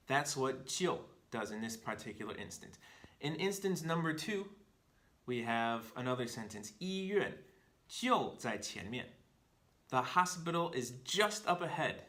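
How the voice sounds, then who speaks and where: A man teaching Chinese grammar, explaining each example clearly and step by step. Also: medium pitch, measured pace, sharp tone. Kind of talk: scripted explanatory lesson.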